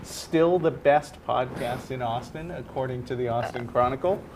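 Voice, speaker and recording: Relaxed man co-hosting a call-in show. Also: mid-range voice, normal speed, a little hiss or hum. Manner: relaxed, hesitant, many fillers. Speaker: co-host. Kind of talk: casual chat. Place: TV studio.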